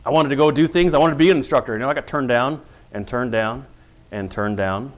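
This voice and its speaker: A middle-aged man recounts his days on the police force as an earnest testimony. His voice sits at an ordinary middle pitch, and he slips into the voices of the people in his story as he tells it. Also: brisk. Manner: earnest storytelling, acting out quoted dialogue. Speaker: police officer. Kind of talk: personal testimony with faith reflection.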